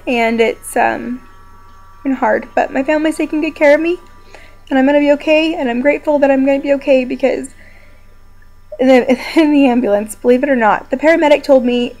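Her voice is a little high and steady in tone, and she speaks fairly quickly. Hurt and in pain, the young woman still keeps her casual home vlog chatty and quietly upbeat, rambling to her viewers from a downstairs room.

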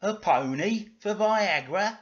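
A man's voice: high-pitched, lively intonation, slow, pitched above the performer's own voice, heavily acted. A man voicing a cocky, scheming male cartoon dog with a brash, swearing manner, on a dull lo-fi recording. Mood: cheeky.

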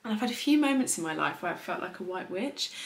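A young woman in her twenties vlogs her day, rambling and confiding in a low-leaning, animated voice at a quick pace. As a lifestyle vlogger she narrates chattily, recorded in an echoey room with faint noise.

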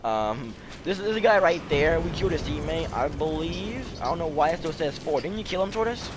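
A man giving casual commentary over his own gameplay footage, excitable and yelling at teammates during fights. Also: fairly high pitch, a little fast. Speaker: gaming video creator.

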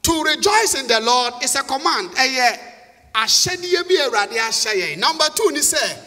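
Animated and forceful, a Ghanaian pastor with a very high, bright voice preaches at normal speed, his first language being Twi. His sermon alternates between English and Twi, with repeated key words and calls to the congregation, echoing with the long reverb of a church hall.

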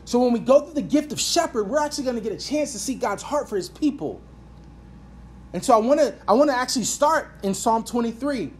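A woman's voice: fairly high pitch, lively intonation, brisk, darkish tone, a little hiss or hum. A woman pastor preaching a sermon and praying aloud, earnest and repeating phrases for emphasis. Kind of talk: sermon with prayer. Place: church. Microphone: reading from an iPad.

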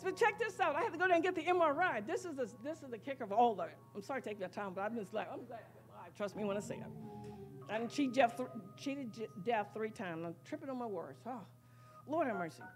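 A woman with a high voice gives a spoken testimony in a church. She tells her story in a rambling, excited way, acting out what others said, while music plays clearly behind her. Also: fast. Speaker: church member giving testimony. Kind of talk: spoken testimony at a worship service. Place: church sanctuary.

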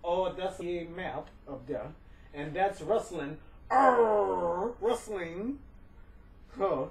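Slow, coaxing man at home. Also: high voice, darkish tone. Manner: chatty, coaxing, repeats words and stammers. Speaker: home video maker. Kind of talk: casual home video talk. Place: indoors at home. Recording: voice distant from the camera mic, faint room noise.

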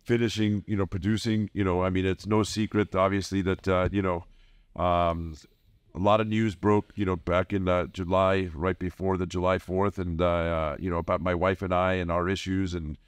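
A man talking as a podcast guest in casual conversation, relaxed and halting, with many fillers. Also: deep voice, clear, resonant tone, no room sound.

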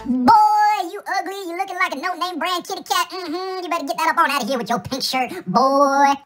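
A squeaky parroting cartoon cat. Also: male voice, fairly quick, music in the background. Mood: sassy. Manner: repeats every phrase back at high speed. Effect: pitch-shifted chipmunk voice from an app.

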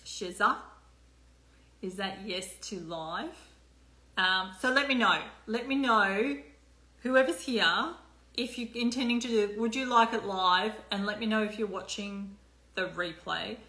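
Woman rambling on a live stream, bright voice, lots of um and like, echoey room. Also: medium pitch, measured pace. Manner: chatty and loose, with many fillers, swearing and asides. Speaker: life coach hosting a live stream. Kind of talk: casual live-stream chat.

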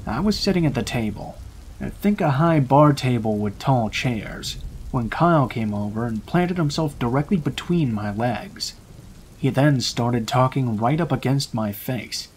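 A man reading a true scary story aloud in a calm, measured storytelling voice. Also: medium pitch, a little hiss or hum. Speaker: narrator. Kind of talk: scripted horror story narration.

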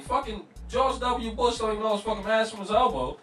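A man's voice: sits high, brisk, few pauses, a bit bright. A man co-hosting a podcast in casual chat, swearing freely and emphatic, laughing as he rants. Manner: profane, emphatic, laughs while ranting. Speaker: podcast co-host. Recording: echoey room, far from mic, music behind.

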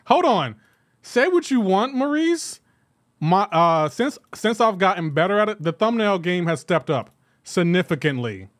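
Animated, high-voiced man streaming a game. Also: unhurried, no echo, clean studio sound. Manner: animated, incredulous, laughs often. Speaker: gaming livestreamer. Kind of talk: live gameplay commentary with chat.

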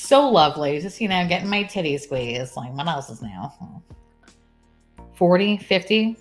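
A chatty woman with a drawl swears freely and laughs often as she chats on a live stream. Her voice sits on the low side. Faint music plays in the background. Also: expressive, takes it slowly, long pauses. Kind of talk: casual live-stream chat.

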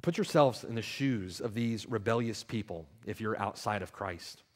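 A male pastor preaching a sermon, repeating his questions and swinging from hushed reflection to loud, pleading appeals. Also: lowish voice, moderate pace. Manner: rhetorical repetition and questions.

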